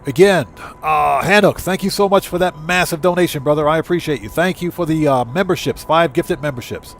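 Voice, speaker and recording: A man's voice: on the high side, fairly quick, slight background noise. Brash, trash-talking male game streamer. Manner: brash trash talk to rival players; energetic shout-outs greeting chat members. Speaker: livestream host. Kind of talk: live gameplay commentary.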